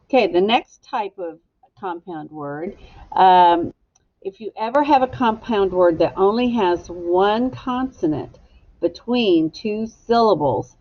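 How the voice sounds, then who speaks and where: A woman teacher giving a slow, patient phonics lesson to young children and prompting them to echo words. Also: mid-range voice, dull audio.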